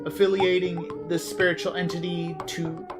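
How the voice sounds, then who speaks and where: A man's voice: high-pitched, level tone, normal speed, voice pushed up, close to an everyday voice. A man putting on a Southern-drawling, perplexed game character. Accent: put-on American Southern. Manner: wordy, polite, over-formal reading. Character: fussy formal male game character, perplexed. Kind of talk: reading game dialogue aloud. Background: game music.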